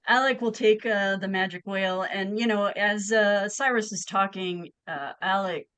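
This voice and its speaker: A woman playing a tabletop game, narrating her character slowly with many pauses. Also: medium pitch, a bit bright, clear, resonant tone, no echo. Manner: slow, hesitant, many pauses. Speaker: player. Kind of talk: tabletop role-play narration.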